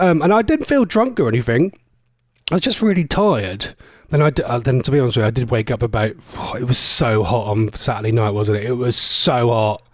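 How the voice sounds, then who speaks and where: A man's voice: medium pitch, dry recording. A man, a radio presenter telling long rambling stories in casual chat, full of fillers and self-corrections.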